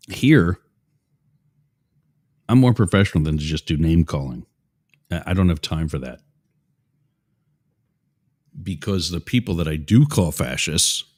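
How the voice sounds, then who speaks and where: Deep-voiced man hosting political talk. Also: a little mellow. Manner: rambling, digressive, with asides to listeners. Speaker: show host. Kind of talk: opinionated political commentary.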